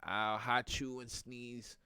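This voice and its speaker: A man's voice: mid-range voice, level tone, slow, sharp tone, clear, resonant tone, dry recording. A middle-aged man with a stuffy nose from a cold, hosting a casual morning talk show in a playful, teasing way. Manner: playful, teasing, laughs a lot. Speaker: podcast host.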